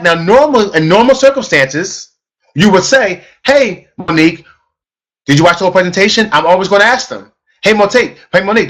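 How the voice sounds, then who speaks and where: A middle-aged man giving an energetic sales training talk, emphatic and repetitive, often asking the audience questions. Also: a little high. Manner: emphatic, repeats himself, asks the audience questions. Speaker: network marketing trainer.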